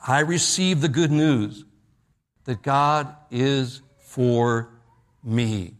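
A middle-aged male pastor preaching an evening church sermon, slowing down and dropping low on the key phrases. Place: church service at night.

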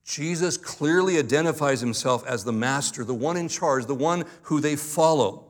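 In a fairly high voice, a pastor gives an earnest, emphatic sermon, drawing out key words for weight and adding a touch of gentle humor.

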